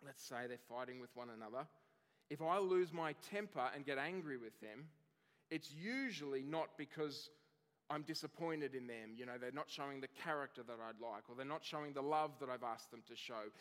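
A man's voice: medium pitch, lively intonation, normal speed, fairly bright tone. Earnest male preacher in a reverberant hall. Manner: earnest, builds through lists with rising emphasis. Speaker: pastor. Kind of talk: sermon.

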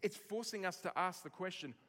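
Preacher guy, kinda high voice, gets soft then punchy, big echoey church sound. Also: a little fast. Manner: expressive preaching, dropping soft for tender lines and rising for emphasis. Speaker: pastor. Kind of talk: sermon.

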